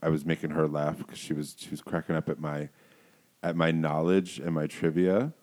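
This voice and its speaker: A man, a DJ guest, chatting casually and telling rambling, animated stories. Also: extremely low pitch, normal speed. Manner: rambling, trails off, animated storytelling. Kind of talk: casual chat.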